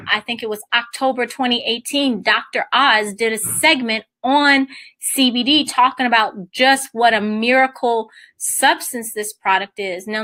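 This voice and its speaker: A woman's voice: on the high side, pushed and bright. A woman presenting to a live audience in a room, talking in an enthusiastic, conversational way with some fillers.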